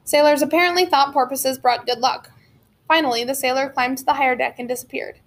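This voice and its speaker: High-voiced woman reading a novel aloud. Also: a little fast. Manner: steady storytelling with occasional slips and restarts. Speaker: audiobook narrator.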